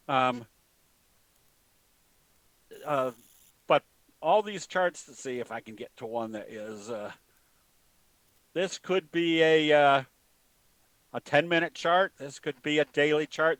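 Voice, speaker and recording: A man teaching trading in a plain-spoken, folksy way, pausing often with fillers. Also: on the high side, a bit bright, dry recording, low-quality recording. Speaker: trading educator. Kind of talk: webinar talk with a told joke.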